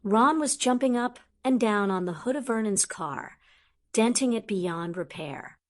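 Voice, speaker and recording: A woman reading fan fiction aloud as an audiobook narrator, in steady storytelling delivery. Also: on the high side, a little slow.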